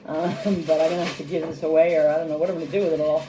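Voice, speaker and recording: A woman's voice: low voice, flat delivery, rapid-fire, noisy background. A woman in her fifties hosting a casual home cooking vlog from her kitchen, chatty and bubbly, laughing often. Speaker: cooking channel host.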